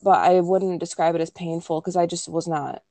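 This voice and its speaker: With a lowish, dark, steady voice at a moderate pace, this podcast co-host recounts her birth story. The sound is free of any room echo, and she chats along using lots of "like" and "um," sometimes performing quoted lines.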